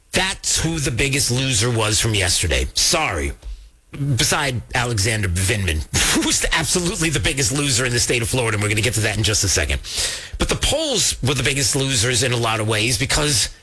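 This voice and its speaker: A man's voice: medium pitch, sharp tone, breathy edge. A man hosting a political talk show in a rambling, casual way with lots of filler words.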